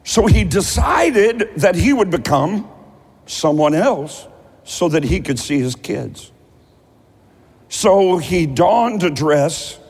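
A man's voice: fairly high pitch, a little mellow, slightly rough, long reverb tail. A man preaching a sermon as a pastor, telling stories in a conversational way.

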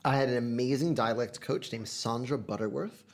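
A man, a guest at a brunch in a home kitchen, telling stories in an animated way. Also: mid-range voice, normal speed. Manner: animated storyteller. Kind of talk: casual chat over brunch. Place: house kitchen.

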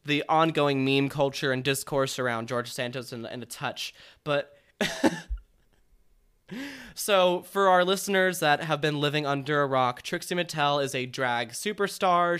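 A man co-hosting a podcast, chatting in an animated way with drag slang and frequent laughs. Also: a little high, unhurried, clean tone. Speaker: podcast co-host. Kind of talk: casual chat.

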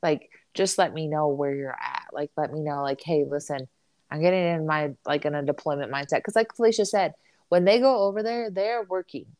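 A woman in casual chat, talking about her husband and family in a chatty, animated way with many fillers. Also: deep voice, brisk, no echo. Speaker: podcast co-host, military spouse.

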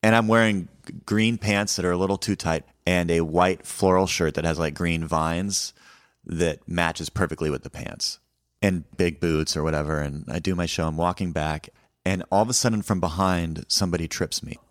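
A male comedian telling a personal story in a deadpan, conversational and self-mocking way. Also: low voice, normal speed, no echo, clean studio sound.

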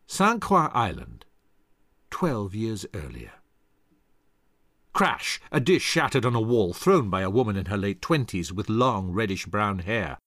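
A man reading a scripted history narration in a dramatic, expressive way into a close studio mic. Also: lowish voice, unhurried, no room sound.

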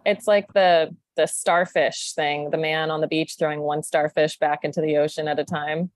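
Woman, podcast host, low voice, relaxed storytelling, dry close sound. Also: normal speed, dry recording. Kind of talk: casual podcast chat.

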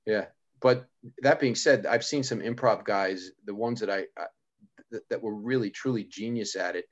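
A man hosting a podcast, chatting casually and telling rambling stories with quick asides. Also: on the low side, lo-fi sound. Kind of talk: casual chat.

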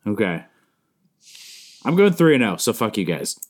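A man's voice: lowish voice, sing-song, moderate pace, darkish tone. A man co-hosting a podcast, teasing and sarcastic, swearing freely in casual banter. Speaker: podcast co-host.

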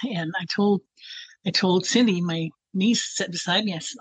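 Husky woman telling a rambling story. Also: on the low side, quick pace, dry recording, low-quality recording. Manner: rambling, many fillers and restarts. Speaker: interviewee. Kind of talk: personal storytelling.

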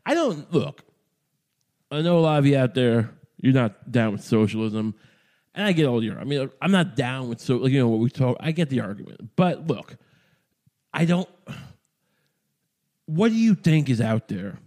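A man's voice: medium pitch, lively intonation, normal speed, long pauses, darkish tone. A man hosting a podcast, talking in a meandering, profane comedic monologue full of restarts and asides. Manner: profane, meandering, self-interrupting. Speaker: podcast host.

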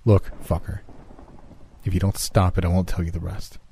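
A man's voice: sits low, little pitch movement, normal speed, creaky, dark tone, a little hiss or hum. A man voicing a touchy, earnest young male friend who tells a creepy tale and swears when teased.

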